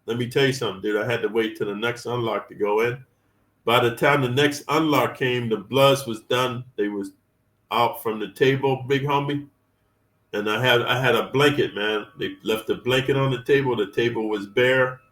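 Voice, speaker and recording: A man's voice: mid-range voice, moderate pace, a bit bright, distant mic. A man from California, a former inmate telling prison stories in a blunt, streetwise way, heavy with slang and swearing. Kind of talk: profane storytelling. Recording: roomy, set back from the mic.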